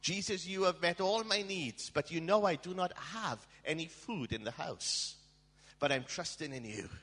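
A man's voice: fairly high pitch, normal speed, a bit bright, long reverb tail. A preacher doing a fervent praying old lady. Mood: devout. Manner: fervent, prayerful. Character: devout elderly woman praising God aloud.

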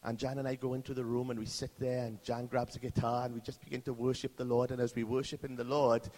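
A man's voice: mid-range voice, flat delivery, quick pace, darkish tone. A British man, a pastor, preaching a sermon as vivid first-person storytelling. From Britain. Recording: long hall reverb.

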